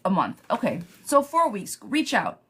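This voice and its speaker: A woman's voice: medium pitch, wildly swooping pitch, a little slow, pushed and bright, breathy edge. A young adult woman giving a casual live tarot reading, chatty, laughing often and swearing lightly. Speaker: tarot reader. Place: home, streaming live.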